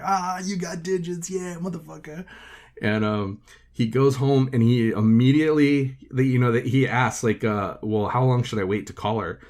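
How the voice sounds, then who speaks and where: Man, podcast host, low-ish voice, casual storytelling, swears a lot, says "like" constantly. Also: a little mellow. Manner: profane, filler-heavy with frequent "like".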